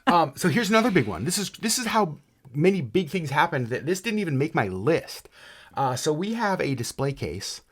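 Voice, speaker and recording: A woman's voice: sits low, very animated, moderate pace, husky. A woman co-hosting a casual podcast chat, playful and teasing, rambling with plenty of fillers. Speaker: podcast co-host.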